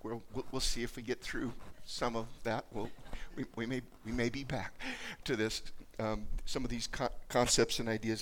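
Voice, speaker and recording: A man preaching a sermon as pastor, talking earnestly and haltingly, often restarting and repeating words as he goes. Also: mid-range voice, level tone. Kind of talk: sermon with spoken prayer.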